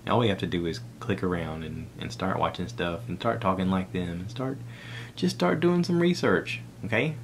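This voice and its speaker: A middle-aged man with a Southern American accent hosts a solo podcast, rambling conversationally and tossing in self-deprecating asides. His low voice moves briskly with hardly any pauses. A little hiss or hum sits under the recording.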